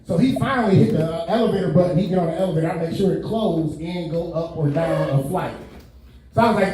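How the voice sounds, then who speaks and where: A man with a high-pitched voice spins profane, laugh-filled stories as a casual podcast host. He sits well back from the mic in a very echoey room. A crowd murmurs behind him. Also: fast, far from the mic. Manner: profane, laughing, loose storyteller. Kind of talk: casual comedic storytelling.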